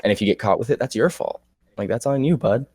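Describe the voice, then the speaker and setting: A man's voice: mid-range voice, animated, fast, darkish tone, breathy edge, no room sound. A man co-hosting a podcast in casual chat, making dry, joking asides. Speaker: podcast co-host.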